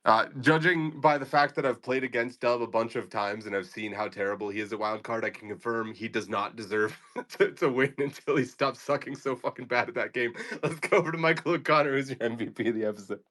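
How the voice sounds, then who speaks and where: A man's voice: medium pitch, a little fast, a bit bright. Podcast host dude, teasing his buddies, laughs a lot. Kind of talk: casual chat.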